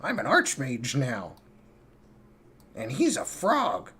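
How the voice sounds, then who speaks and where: A man voicing an eccentric male archmage who collects magical creatures, chatty and rambling, quick to snap. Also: mid-range voice, huge pitch swings, pushed and bright, breathy edge, full character voice.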